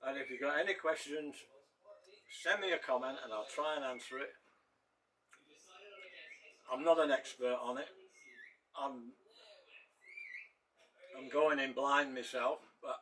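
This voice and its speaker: A man's voice: medium pitch, unhurried, long pauses, bright, forceful tone. A middle-aged man chatting casually to camera about his home cooking, rambling and cracking dad jokes while he chews. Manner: eating and chewing while talking. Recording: voice a little distant from the mic.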